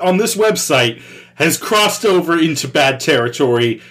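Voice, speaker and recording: A man's voice: fairly high pitch, big pitch swings, normal speed, fairly bright tone, slightly rough. A man co-hosting a casual podcast, arguing his point with dry jokes. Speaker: podcast co-host.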